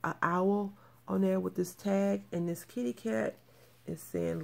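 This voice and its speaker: A woman's voice: mid-range voice, steady tone, a little slow, creaky, a little mellow. A woman in her thirties showing off crafting mail in a casual show-and-tell, gushing and repeating her praise. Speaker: crafting channel host.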